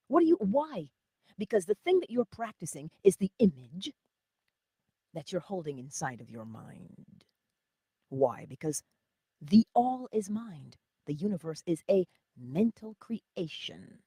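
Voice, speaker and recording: Lively woman giving a motivational talk. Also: medium pitch, breathy edge, no echo, studio quality. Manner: animated, laughing, talks straight to viewers. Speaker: inspirational speaker.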